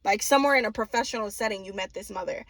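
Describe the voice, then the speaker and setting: A woman's voice: medium pitch, very fast, a bit bright, dry recording. A young woman giving a casual tarot reading, blunt and profane, often laughing and mimicking people. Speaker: tarot reader.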